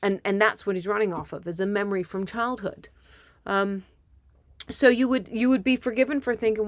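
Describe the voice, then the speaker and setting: A woman's voice: mid-range voice, moderate pace, no echo. Woman riffing on politics, dry close sound. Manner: rambling and animated, with asides and impressions. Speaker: comedian and commentator. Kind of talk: casual political commentary monologue.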